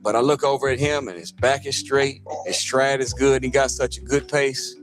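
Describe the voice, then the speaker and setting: A man's voice: mid-range voice, normal speed. Man telling a motivational story over music. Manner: animated storyteller, acts out quotes, repeats a refrain.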